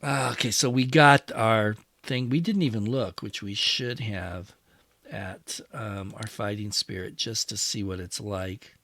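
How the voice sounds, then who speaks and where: A man's voice: lowish voice, unhurried, fairly bright tone, no room sound. A man hosting a strategy game play-through, musing aloud and talking to his units as he moves them. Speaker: wargame channel host.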